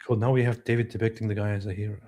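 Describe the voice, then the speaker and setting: A male host on a live stream with a mellow, relaxed voice. He talks sarcastically and keeps asking questions in disbelief. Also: lowish voice, racing. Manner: sarcastic, incredulous.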